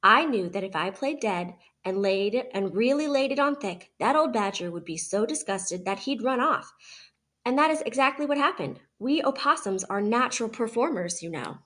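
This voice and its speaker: A woman's voice: on the high side, animated, moderate pace, a bit bright. A woman doing a gushing, theatrical female opossum. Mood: dramatic. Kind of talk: read-aloud storybook.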